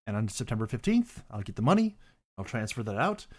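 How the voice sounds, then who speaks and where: A man's voice: fairly low pitch, very animated, fairly quick, breathy edge. Rambling young man chatting casually. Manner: rambling, self-correcting, bursts into loud mock voices. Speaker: podcast host. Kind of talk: casual chat on stream.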